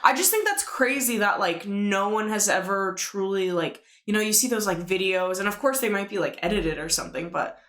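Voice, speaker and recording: A woman's voice: mid-range voice, lively intonation, a little fast, few pauses, a bit bright. A woman from Washington State talks casually on a comedy podcast. She hedges and fills her sentences with "like", and her voice rings in an echoey room. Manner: casual, hedging, heavy use of "like". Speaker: podcast co-host.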